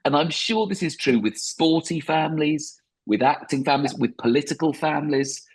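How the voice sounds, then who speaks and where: A man's voice: fairly high pitch, moderate pace, breathy edge. A man, a stand-up comedian, talking reflectively in a podcast interview with frequent restarts.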